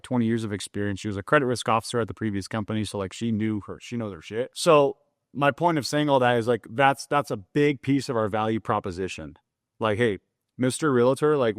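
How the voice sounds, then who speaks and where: A man's voice: on the low side, no echo, clean studio sound. A young man, a loan officer, talking loosely and candidly in an interview, with plenty of filler words. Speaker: mortgage loan officer, podcast guest. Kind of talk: casual conversational interview.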